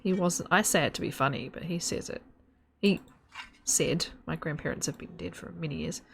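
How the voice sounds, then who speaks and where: A woman chats her way through a live game stream, rambling and giggling as she goes. Her voice sits low with a gravelly fry, and the talk is loose and off-the-cuff, aimed at her viewers. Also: normal speed, a bit bright, a little hiss or hum. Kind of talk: casual live-stream chat while gaming.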